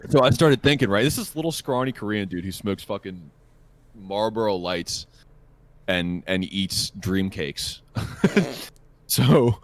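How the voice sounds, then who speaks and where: A man's voice: fairly low pitch, takes it slowly, long pauses. A man co-hosting a podcast, telling a work story in a casual chat with lots of swearing. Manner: profane, animated storytelling. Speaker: podcast co-host.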